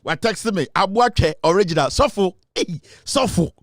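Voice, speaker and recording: A man with a Ghanaian accent hosting a casual show, talking with animated, playful banter. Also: high-pitched, fairly quick, few pauses, no room sound, clean studio sound. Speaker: show host. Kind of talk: casual show talk, mixing English and Twi.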